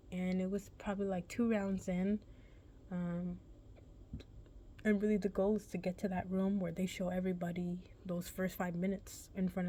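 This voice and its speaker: A woman's voice: medium pitch, dark tone, slight background noise. Laid-back young woman telling a story. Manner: rambling, self-correcting, laid-back and chatty. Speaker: vlogger. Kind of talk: casual storytelling to camera.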